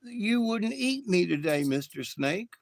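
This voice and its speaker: A man voicing a calm, knowing lizard in a fable, explaining things patiently. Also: high voice, measured pace, gravelly, no room sound, pitched above the performer's own voice, heavily acted.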